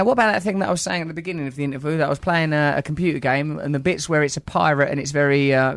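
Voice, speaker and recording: A quick-talking Englishman hosting a loose, jokey conversation, his voice at a middle pitch. He teases his guest and riffs freely between ideas. The sound is close and dry, with no room around it. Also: no room sound. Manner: playful, teasing, riffs with jokes. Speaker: host. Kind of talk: casual conversational interview.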